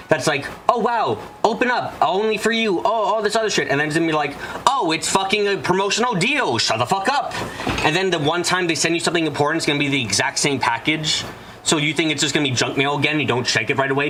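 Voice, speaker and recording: A man's voice: medium pitch, sharp tone, slight background noise. Profane ranting male game streamer. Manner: profane, ranting, talks back to chat. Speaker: gaming streamer. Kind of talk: casual let's-play commentary.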